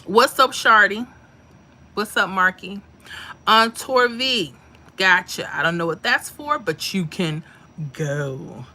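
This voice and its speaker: A woman's voice: mid-range voice, expressive, takes it slowly, sharp tone. A woman hosting a lottery livestream, chatting casually with viewers and calling them mama and honey. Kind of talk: casual livestream chat reading comments.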